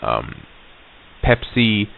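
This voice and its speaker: Man, deep voice, halting storyteller full of restarts; thin phone-like old reel-to-reel tape. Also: very animated, gravelly, a little hiss or hum. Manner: halting, many restarts and fillers. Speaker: interviewee recounting an encounter. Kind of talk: casual spoken recollection.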